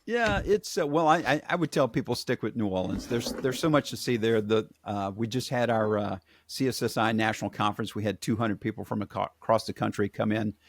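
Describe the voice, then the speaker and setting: Gravelly-voiced man, folksy. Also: on the low side, brisk, few pauses, slight background noise. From Louisiana. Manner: folksy storyteller, many fillers and restarts. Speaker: guest expert. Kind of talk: casual interview chat.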